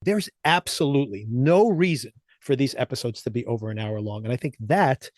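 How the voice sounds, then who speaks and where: A man's voice: medium pitch, expressive, a little fast, a little mellow, no room sound, studio quality. Easygoing male podcast co-host. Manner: easygoing, agreeable, recaps plot at length. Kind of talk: casual chat.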